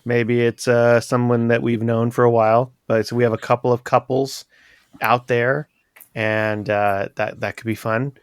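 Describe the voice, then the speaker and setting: A man with an everyday middle pitch talks loosely in a group chat, trailing off and restarting as he goes. He laughs often between thoughts. The sound is close and dry, with no room around it. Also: level tone, normal speed, smooth, dry recording.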